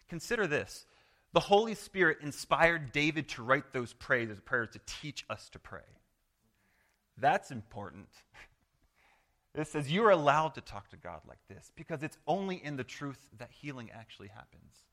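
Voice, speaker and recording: Male pastor, sermon, conversational and earnest, loud then hushed, clear bright tone. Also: fairly high pitch, animated, moderate pace. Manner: acts out quoted prayers and replies in voice.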